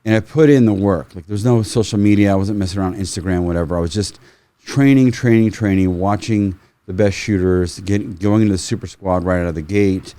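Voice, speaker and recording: Low-voiced man telling animated stories. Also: fairly quick, smooth. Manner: animated, swears, acts out quotes. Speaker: firearms trainer, podcast guest. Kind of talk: casual storytelling.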